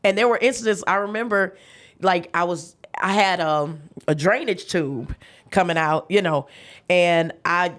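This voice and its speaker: A woman's voice: lowish voice, measured pace, fairly bright tone. A woman, a guest chef, telling a personal story in a casual interview, laughing often and acting out the voices of the people she quotes. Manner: faith-filled, emphatic retelling.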